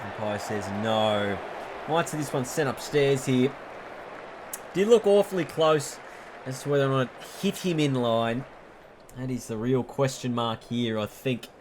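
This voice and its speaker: Speaking a little slowly at a normal middle pitch, a man provides play-by-play commentary for a cricket video game. He is chatty, revises himself as he talks, and gets up excitedly at the big moments, with a clear, steady noise behind the recording.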